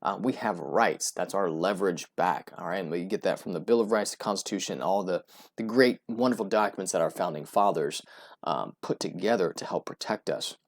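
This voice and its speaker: Deep-voiced and brisk, an American commentator on oil and gas investments riffs alone about oil prices in a loose style, full of fillers, restarts and "right?" asides.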